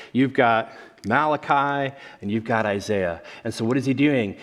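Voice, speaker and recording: Conversational male pastor preaching. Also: mid-range voice. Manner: conversational, animated, addresses listeners as guys. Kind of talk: sermon.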